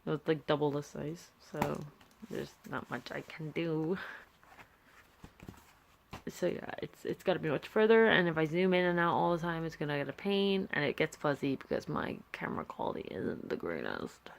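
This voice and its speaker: A woman's voice: sits low, expressive, moderate pace, vocal fry. A young woman chatting casually and rambling with many fillers and restarts, filming on a handheld camera. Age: young adult. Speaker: art vlogger. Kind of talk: casual chat.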